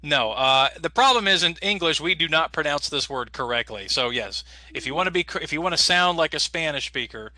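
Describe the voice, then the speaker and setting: A man teaching an English as a second language class over a video call, explaining patiently and slowly with lots of fillers. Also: fairly high pitch, lively intonation, pushed and bright, no room sound. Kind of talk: online class instruction.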